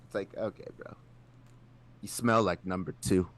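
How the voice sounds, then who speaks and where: A man's voice: deep voice, fairly even intonation, normal speed. A man co-hosting a podcast, cracking jokes and mimicking people in casual chat. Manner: wisecracking, mimics people he quotes. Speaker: podcast co-host.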